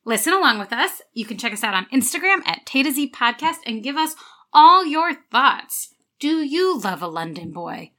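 Bright chatty young woman podcaster. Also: sits high, big pitch swings, normal speed. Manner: chatty, lots of "like" fillers, laughs often. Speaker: podcast co-host. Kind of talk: casual chat.

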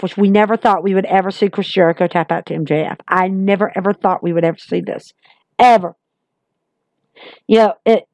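A woman's voice: medium pitch, no echo. A woman hosting a casual wrestling recap podcast, talking emphatically and repeating herself like an exasperated fan.

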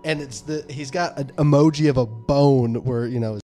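A man co-hosting a casual podcast chat, an animated storyteller who laughs often. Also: mid-range voice, moderate pace, faint music behind. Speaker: podcast co-host.

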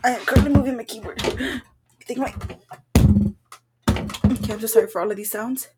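A woman's voice: on the high side, brisk, over loud music. A young woman hosting a casual solo podcast, nervous, self-conscious and apologetic, recording at home. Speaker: podcast host. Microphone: home microphone.

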